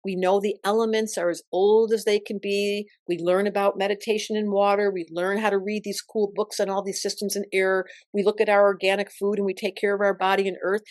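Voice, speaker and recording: A woman's voice: mid-range voice, brisk, hardly any pauses, no echo. Emphatic older woman with a dry sound. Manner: emphatic, expressive storyteller. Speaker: astrologer guest. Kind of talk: interview conversation.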